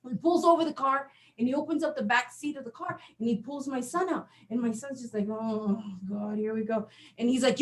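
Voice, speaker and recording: A middle-aged woman doing a stand-up comedy set in a small venue. Her voice sits high, and she tells the story with lively energy, acting out each bit of dialogue. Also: fast talker, few pauses. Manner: animated storytelling, acts out dialogue.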